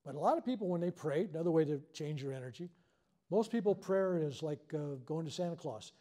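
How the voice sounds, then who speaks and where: A man's voice: a little high, brisk. An older man, a reverend leading a healing workshop, telling stories to a live audience and acting out the voices in them. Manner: animated storyteller acting out quoted voices. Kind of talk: storytelling talk to a live audience. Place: workshop hall.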